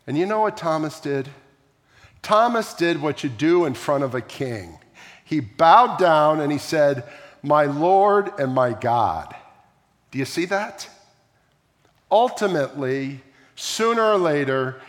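A fairly high-voiced man delivers a sermon in a large sanctuary, his words ringing with a long hall reverb. He tells the story in an animated way and keeps throwing questions out to the congregation. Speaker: pastor.

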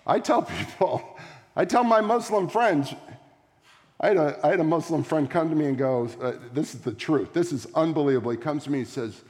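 A man, a pastor, preaching a sermon to a congregation in a large room, driving his points home with repeated words and sharp swings between loud and soft. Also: on the high side, moderate pace. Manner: emphatic, repetitive preaching cadence with big swings in loudness. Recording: long hall reverb.

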